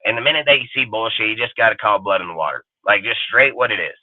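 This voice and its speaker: A man's voice: fairly low pitch, fast talker, no room sound. Brash, swearing man on a tinny call. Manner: brash, swaggering, heavy swearing, swings loud and quiet. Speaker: podcast panel host. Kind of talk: profane livestream rant. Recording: tinny phone-like call audio, dry.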